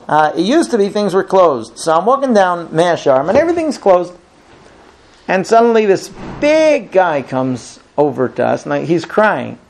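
A man's voice: high-pitched, vocal fry, a little mellow. A middle-aged man giving a Torah class, telling stories emphatically with frequent restarts. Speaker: Torah teacher.

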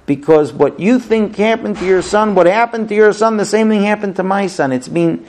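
A man's voice: sits high, moderate pace, a little mellow, a little hiss or hum. A man voicing a grieving male wolf who pleads and swears solemn oaths in a storybook retelling. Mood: pleading, solemn.

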